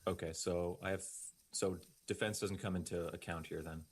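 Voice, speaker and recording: A deep-voiced man takes his turn as a player in a tabletop role-playing game. He is polite and a little apologetic, asking how the rules work and checking his character sheet before he rolls. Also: steady tone, normal speed, a little hiss or hum.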